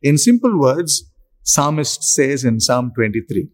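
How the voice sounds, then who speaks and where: Slow, emphatic male preacher. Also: fairly high pitch, sing-song, a little mellow. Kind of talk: sermon.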